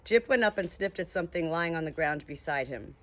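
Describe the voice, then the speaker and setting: Gentle woman reading a storybook. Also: low voice, lively intonation, fairly quick, noisy background. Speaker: audiobook reader. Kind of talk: storybook narration.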